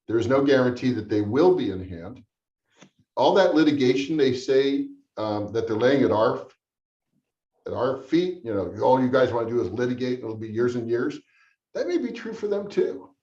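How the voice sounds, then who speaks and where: A man's voice: medium pitch, big pitch swings, moderate pace, dark tone. A man answering questions at a town hall in a blunt, sarcastic manner. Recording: roomy, distant, dull sound.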